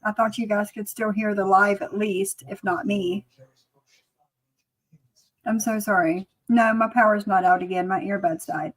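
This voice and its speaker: A woman's voice: mid-range voice, steady tone, measured pace. Flustered woman livestreamer. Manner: flustered, apologetic about tech trouble. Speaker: livestream host. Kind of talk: casual livestream chat. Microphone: talking through computer mic.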